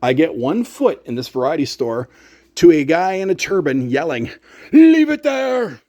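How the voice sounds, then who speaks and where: Sarcastic man with a lively voice. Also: a little high, normal speed. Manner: sarcastic, animated storytelling. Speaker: gear channel YouTuber. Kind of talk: casual storytelling rant.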